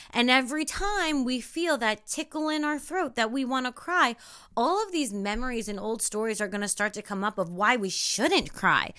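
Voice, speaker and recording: A young woman hosting a solo spiritual self-help podcast, animated and swearing freely. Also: a little high. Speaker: podcast host.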